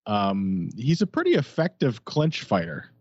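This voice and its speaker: A man's voice: fairly low pitch, wildly swooping pitch, measured pace, a little mellow, slightly rough, no echo. A man co-hosting a podcast, breaking down fights in a loose, joking, hedging way. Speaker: podcast co-host. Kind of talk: casual fight-analysis chat. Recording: dull, dry lo-fi sound.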